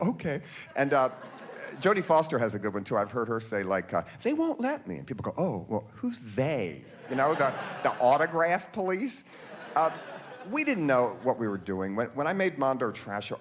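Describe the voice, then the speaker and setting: Male storyteller, wry and dry, lively up-and-down delivery, comic monologue on stage. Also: medium pitch. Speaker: filmmaker performing a monologue. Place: theater stage.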